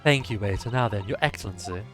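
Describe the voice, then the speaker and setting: A man's voice: on the low side, fast, music in the background, lightly acted. Man putting on a haughty posh Englishwoman. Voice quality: drawling, sneering. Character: haughty upper-class Englishwoman, condescending and cold.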